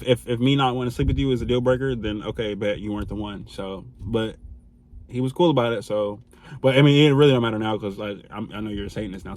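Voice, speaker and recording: A young man telling a casual storytime vlog, animated and laughing, swinging between loud outbursts and hushed asides. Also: fairly low pitch, slight background noise. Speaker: vlogger.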